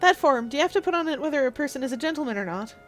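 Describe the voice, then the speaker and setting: A woman reading the lines of a polite young gentleman investigator in a measured, formal way. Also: sits high, expressive, faint music behind, voice pushed up. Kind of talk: reading a text game aloud.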